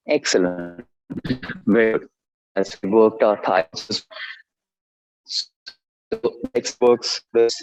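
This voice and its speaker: A man's voice: fairly low pitch, a little mellow, dull audio. Man counting reps in a workout class. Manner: counts reps aloud, encouraging and direct. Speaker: fitness instructor. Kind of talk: live workout class instruction.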